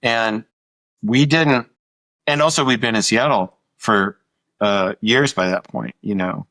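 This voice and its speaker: Middle-aged man from Montana, casual storyteller who swears freely; lowish, dry. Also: takes it slowly, pushed and bright, dry recording. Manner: anecdotal, acts out quoted dialogue, swears casually. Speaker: musician guest. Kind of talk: storytelling interview.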